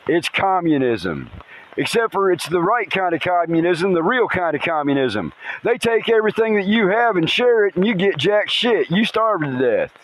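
Excitable high-voiced man outdoors in rain. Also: moderate pace, a little hiss or hum, poor audio. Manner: excitable, rambling, swears casually. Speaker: podcast host. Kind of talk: casual monologue podcast. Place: outdoors in a rainstorm by a river. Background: faint rain and river ambience.

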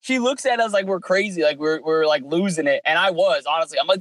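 A man with a fairly high voice chats on a sports podcast, retelling what happened with lively energy. He acts out every exchange as he goes. The sound is dry and close, with no room around it. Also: fast talker, hardly any pauses, dry recording, rough recording. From California. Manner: animated storyteller, acts out dialogue. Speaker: podcast co-host. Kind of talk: casual sports podcast chat.

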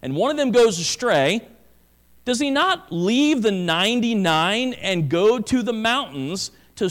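High-voiced pastor preaching emphatically. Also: male voice, a bit bright. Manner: emphatic preaching with dramatic pitch swings. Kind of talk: sermon.

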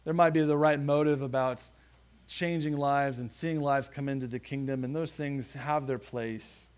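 A man preaching a sermon, earnest and unhurried. He circles back on his words and restarts often. His phrases trail off into quiet endings, and his voice sits at a plain mid pitch. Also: fairly even intonation. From United States. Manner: earnest, halting preaching with many restarts, dropping soft at phrase ends. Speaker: pastor.

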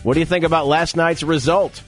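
A man's voice: a little high, steady tone, fairly bright tone, faint music behind. Upbeat male sports radio host. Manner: upbeat, quick interjections.

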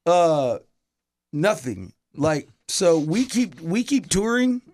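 A man's voice: fairly high pitch, big pitch swings, takes it slowly, darkish tone, dry recording, studio quality. A middle-aged man, a touring musician, telling a long story in casual chat, rambling with lots of fillers and restarts.

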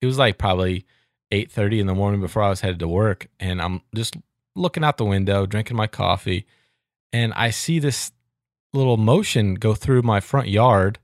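A man's voice: fairly low pitch, no echo, clean studio sound. Chatty man on a podcast. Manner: chatty, quick to laugh. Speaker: podcast co-host. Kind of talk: casual chat.

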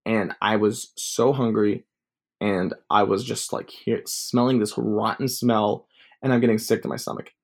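A man's voice: on the low side, steady tone, unhurried, creaky. A young man telling a personal story in a casual, rambling way, full of filler words. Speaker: vlogger.

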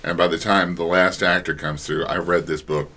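Deep bright-toned man directing. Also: level tone, moderate pace. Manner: reflective, frequent restarts. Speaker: audio drama director. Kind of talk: casual panel discussion.

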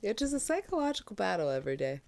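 A woman co-hosting a podcast in loose, casual chat, her pitch swinging widely as she talks. She laughs often and swears freely, and her throat sounds sore. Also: very animated, very fast, gravelly, a little mellow. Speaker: podcast co-host.

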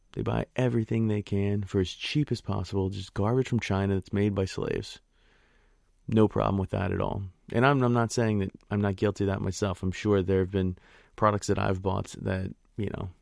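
A man's voice: fairly low pitch, vocal fry, a little mellow, no echo, clean studio sound. A man from the northern United States hosting a political podcast, delivering an emphatic, indignant monologue with sarcastic asides. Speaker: podcast host.

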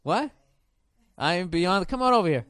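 Brief: middle-aged male podcast host, loud, profane, fast-shifting storyteller, a bit high, dry close mic. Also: very animated, no echo. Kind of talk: casual rambling comedy chat. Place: home.

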